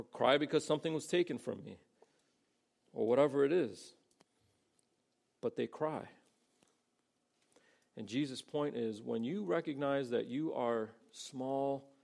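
Male pastor, gravelly voice, easygoing sermon delivery with quoted voices. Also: medium pitch, a little mellow. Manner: conversational, acts out quoted voices.

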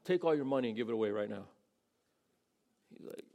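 Male pastor, gravelly voice, easygoing sermon delivery with quoted voices. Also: medium pitch, expressive, fairly quick, mellow. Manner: conversational, acts out quoted voices.

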